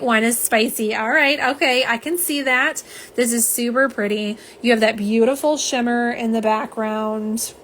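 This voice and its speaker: A woman's voice: on the high side, a bit bright. A woman chatting through a live nail polish swatch stream at home, rambling and reading out viewer comments. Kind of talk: live unboxing chat.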